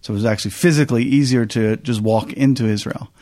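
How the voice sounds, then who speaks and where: A man co-hosting a talk show, introducing a guest with a halting, filler-filled delivery. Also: mid-range voice, darkish tone, no room sound, clean studio sound. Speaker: co-host. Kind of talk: podcast conversation.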